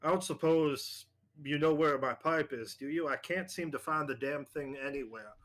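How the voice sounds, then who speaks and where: A man voicing the spirit of a dead male investigator speaking through a medium in a tabletop horror game, gruff and grumbling. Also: on the high side, normal speed, fairly bright tone, lightly acted. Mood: ominous.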